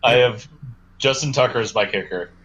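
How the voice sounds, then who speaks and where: A man co-hosting a casual sports podcast. He talks bluntly and swears casually, and he has the hiccups. His pitch sits in an ordinary male middle range. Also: moderate pace, a bit bright, highs cut off. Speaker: podcast co-host.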